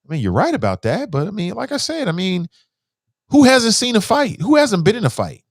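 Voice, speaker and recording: Animated, blunt male talk show host. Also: sits high, fairly quick, no echo, studio quality. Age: adult with children. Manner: animated, loose and blunt, with slang and swearing, reads listener messages aloud. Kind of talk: casual opinionated talk show commentary.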